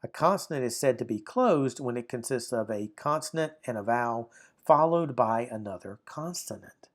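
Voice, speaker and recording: A man teaching a recorded grammar lesson, sounding out syllables slowly and often checking "right? okay?". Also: mid-range voice, animated. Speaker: Bible Hebrew teacher.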